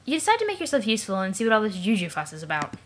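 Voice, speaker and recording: A woman's voice: mid-range voice, wildly swooping pitch, rapid-fire, a little hiss or hum. A woman, host of a let's play, reading a webcomic's narration aloud in a wry, matter-of-fact way.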